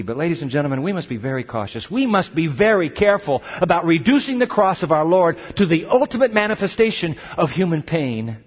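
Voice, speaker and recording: A man preaching a sermon, swinging dramatically between loud cries and hushed questions. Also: fairly high pitch, sing-song, a little fast, few pauses, husky. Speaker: pastor. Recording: long hall reverb, dull lo-fi sound.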